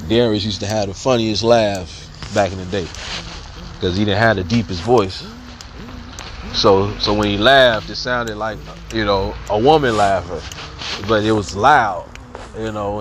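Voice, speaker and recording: A man's voice: fairly low pitch, background noise. Laid-back man telling stories. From Chicago. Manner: laid-back, profane, joking. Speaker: podcast host. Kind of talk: casual storytelling.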